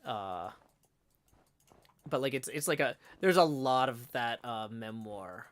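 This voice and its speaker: A man's voice: medium pitch, takes it slowly. A man hosting a live stream in casual chat, rambling with many fillers and restarts. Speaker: streamer host. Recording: loud guitar music behind.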